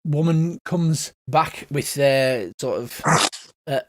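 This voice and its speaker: A man's voice: on the high side, takes it slowly, darkish tone. A man as game master narrating a tabletop game in a casual, self-mocking way. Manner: casual, self-mocking about his accents.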